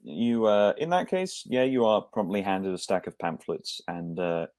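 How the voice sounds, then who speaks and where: Low-voiced guy running a tabletop game, rambly with lots of ums, dry close mic. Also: normal speed, a little mellow, no room sound. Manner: rambling, hesitant, wry asides. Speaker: game master.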